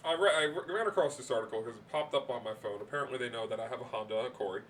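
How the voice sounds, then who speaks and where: A man's voice: medium pitch, quick pace, fairly bright tone, far from the mic, slight background noise. A man co-hosting a casual podcast, talking in a dry, dismissive, sarcastic way. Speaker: podcast co-host. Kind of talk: casual chat.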